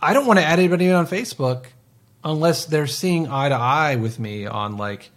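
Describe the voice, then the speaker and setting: A man in his forties co-hosting a podcast, talking in a rambling, casual way with lots of fillers and soft trailing endings. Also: on the high side, lively intonation, normal speed. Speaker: podcast co-host. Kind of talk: casual chat.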